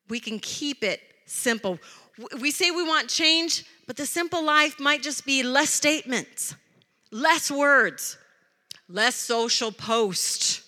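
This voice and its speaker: A woman preaching a sermon to a church, telling stories in a conversational, animated way with touches of humor. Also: on the high side. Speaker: preacher, pastor's wife. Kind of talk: sermon with storytelling. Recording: long hall reverb.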